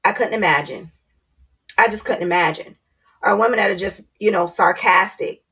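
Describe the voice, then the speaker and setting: A woman's voice: mid-range voice, normal speed, a bit bright, breathy edge. A woman vlogger giving blunt, candid relationship advice in a casual talk to camera, speaking straight to her viewers.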